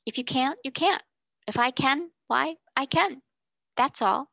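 A woman's voice: sits high, a little slow, vocal fry, sharp tone, no echo, voice pushed up, full character voice. A woman voicing an earnest, thoughtful young girl who loves books, speaking in an eager, sincere way in a storybook reading.

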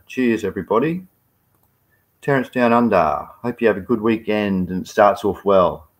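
Australian man, livestream host, lowish voice, easygoing and colloquial. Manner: reads viewer comments aloud and greets them by name; laid-back, colloquial. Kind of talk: casual livestream chat.

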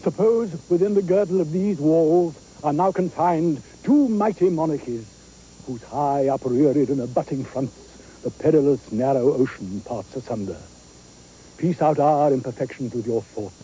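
A man's voice: on the high side, moderate pace, dark tone, slight background noise, natural voice, poor audio. A man declaiming as a grand stage chorus. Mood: grand imploring. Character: stately male stage chorus, grand and imploring. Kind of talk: declaimed Shakespeare verse.

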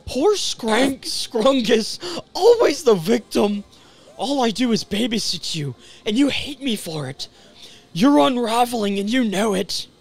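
Guy doing a sneering dark twin woman. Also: very high-pitched, very animated, measured pace, creaky, pitched above the performer's own voice, heavily acted. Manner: sneering, taunting line reading, surfer drawl.

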